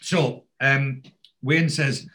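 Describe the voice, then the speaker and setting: A man's voice: medium pitch, steady tone, drawn-out words, fairly bright tone. A man, co-hosting a casual podcast and retelling TV scenes with lots of quoted dialogue and fillers. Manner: chatty storyteller, drops into quoted lines, many fillers. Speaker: podcast co-host recapping a TV episode.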